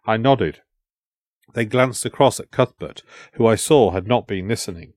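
A man reading a historical adventure novel aloud in a measured storytelling voice. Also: fairly low pitch, no echo, clean studio sound. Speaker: audiobook narrator. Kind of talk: storytelling narration.

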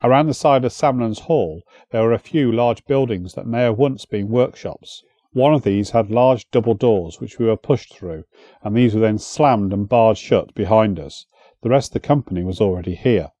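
A man reading a historical adventure audiobook in a steady, measured storytelling manner. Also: lowish voice, no echo. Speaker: narrator. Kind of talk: audiobook narration.

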